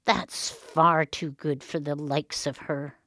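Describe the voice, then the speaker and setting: A woman's voice: medium pitch, very animated, a little slow, no echo. Woman playing a snippy greedy baker's girl in a fairy tale, bouncy voice, dry. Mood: hushed greedy. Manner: sly, snappish, greedy asides. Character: selfish greedy young baker's daughter.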